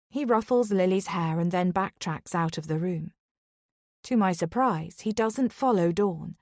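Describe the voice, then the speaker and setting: A woman reading a first-person thriller audiobook in a calm, even storytelling voice. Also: fairly low pitch, unhurried, dry recording, clean studio sound. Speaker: audiobook narrator.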